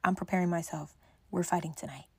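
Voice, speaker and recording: Animated young woman telling a story. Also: fairly low pitch, fast, creaky, slightly rough, dry recording. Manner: animated, swears freely, acts out quotes. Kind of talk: casual storytime.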